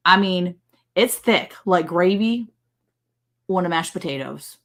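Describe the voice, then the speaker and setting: A woman's voice: lowish voice, expressive, slow. A woman from Maryland co-hosting a casual ranch livestream, talking in a playful, teasing, exclamatory way. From Maryland, USA.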